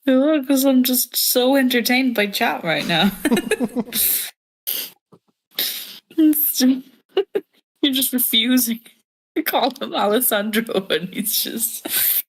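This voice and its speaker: A woman chats casually with friends on a game stream. Her voice is fairly high and she speaks at an unhurried pace. She sounds amused and laughs often. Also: animated, low-quality recording. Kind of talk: casual gaming chat.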